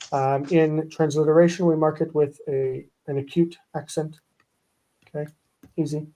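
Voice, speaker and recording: A man's voice: fairly high pitch, mellow. Patient man teaching Hebrew vowel names. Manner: patient, repeats terms and rules slowly. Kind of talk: live online lesson.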